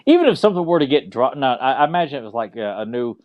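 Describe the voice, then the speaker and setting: A man co-hosts a casual podcast, rattling along at a quick clip. He teases the others and rambles through crude jokes in a mid-range voice. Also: medium pitch, sing-song, narrow, tinny audio. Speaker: podcast co-host. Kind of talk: casual chat.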